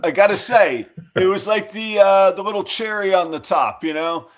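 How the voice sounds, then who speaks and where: Guy on a podcast with a higher voice, wry storytelling, dry jokes. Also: normal speed. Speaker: podcast co-host. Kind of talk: casual chat.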